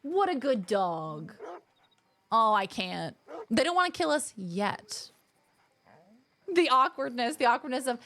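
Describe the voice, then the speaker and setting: Woman streamer, high voice, lively and jokey live game commentary. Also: unhurried, pauses often. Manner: animated, jokey, exclaiming at the screen.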